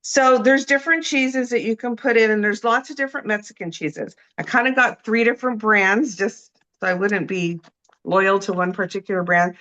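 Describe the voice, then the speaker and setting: A woman's voice: medium pitch, normal speed, a bit bright, muffled recording. A woman cooking live as a guest food expert, chatting and explaining each step and often checking in with "okay?" and "right?". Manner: chatty, explains as she works, ends points with "you know?", "okay?", "right?".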